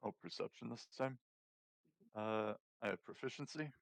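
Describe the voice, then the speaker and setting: A man's voice: lowish voice, normal speed, gravelly, dry recording, poor audio. A man playing a tabletop game who talks carefully and checks the rules aloud. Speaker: player. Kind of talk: casual tabletop play.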